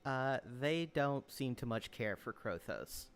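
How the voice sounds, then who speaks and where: A man narrates as the game master of a tabletop game. He talks in a halting, casual way, with plenty of ums and restarts, at an ordinary pitch. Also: lively intonation, faint music behind. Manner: halting, full of filler words.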